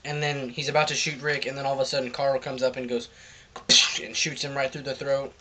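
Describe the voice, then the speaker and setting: A man's voice: mid-range voice, flat delivery, brisk, noisy background. A man reviewing a comic book in casual chat, rambling loosely through the plot.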